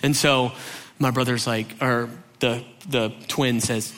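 A man's voice: medium pitch, measured pace. Man animatedly telling a funny story. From Georgia, US. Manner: animated, acts out quoted voices, frequent "right?" asides. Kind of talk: humorous personal anecdote.

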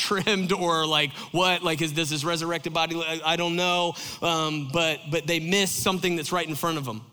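A man preaching a sermon, telling stories in an animated, chatty way full of fillers. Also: a little high, clear, resonant tone. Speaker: pastor. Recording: long hall reverb.

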